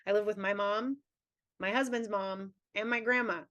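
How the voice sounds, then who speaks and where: A woman's voice: medium pitch, steady tone, normal speed, a bit bright. A woman in her thirties, a teachers' union president, answering questions at a town hall in an earnest, candid way with long run-on thoughts.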